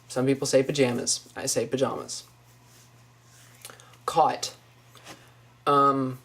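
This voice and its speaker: A young woman from Northwest Florida speaks with a Southern accent at a slow, easy pace. She talks casually from her apartment, saying a word and then reflecting on how she pronounces it. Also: very deep voice. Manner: musing, says each test word then comments on it. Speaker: vlogger. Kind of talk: casual accent-tag video. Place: small apartment indoors.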